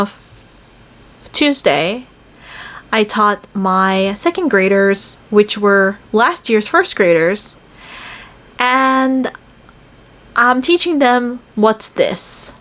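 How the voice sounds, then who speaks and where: A woman's voice: mid-range voice, drawn-out words, pauses often. A young woman from the United States talking casually about her year teaching English in Korea, telling stories in a chatty way with lots of "like" fillers. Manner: chatty, many "like" fillers, animated storytelling. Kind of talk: casual vlog chat.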